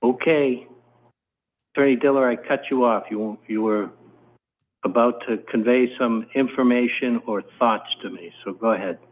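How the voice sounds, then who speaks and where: A man's voice: mid-range voice, moderate pace. A man serving as judge, questioning attorneys firmly and directly. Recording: tinny video-call audio.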